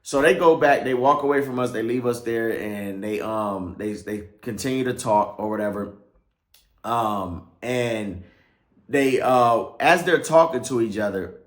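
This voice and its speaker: A man's voice: mid-range voice, a little slow, roomy sound. A man, a pastor, telling his life story casually in a loose, slangy way, often checking in with "right?". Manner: loose, slangy, keeps asking "right?" and trailing off with "or whatever like that".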